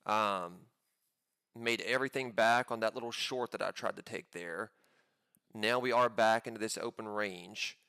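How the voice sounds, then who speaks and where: A man giving live commentary on his own trades, pumped up and talking in quick excited bursts. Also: lowish voice, vocal fry, smooth, dry recording, clean studio sound. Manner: hyped, pumped-up chatter with sudden bursts.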